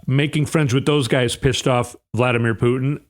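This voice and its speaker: A man's voice: mid-range voice, steady tone, moderate pace. A man hosting a podcast, delivering a rambling, sarcastic political monologue with an indignant edge. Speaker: podcast host.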